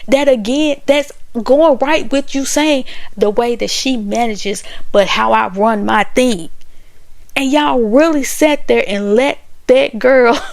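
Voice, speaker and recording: An exasperated woman runs through a reality show in casual commentary, acting out each quoted line. Her voice sits a touch high with a gravelly fry, and the sound is dry and close. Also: dry recording. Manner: animated, exasperated, acts out quoted dialogue.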